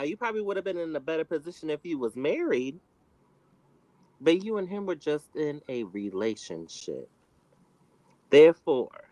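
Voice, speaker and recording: A man's voice: fairly high pitch, no room sound, poor audio. A man on a panel speaking emphatically in casual commentary. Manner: emphatic, acts out quotes.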